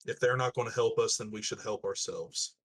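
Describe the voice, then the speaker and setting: A man speaking in character at a tabletop game, blunt and rough with swearing. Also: fairly low pitch, fairly even intonation, a little fast, fairly bright tone. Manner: blunt, swearing rebel talk. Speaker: player. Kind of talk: in-character tabletop role-play.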